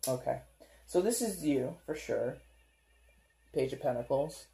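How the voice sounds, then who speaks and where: A woman's voice: very deep voice, lively intonation, a little slow, creaky, mellow. A woman giving a casual tarot reading, rambling and chatty, with many fillers and frequent giggles. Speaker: tarot reader.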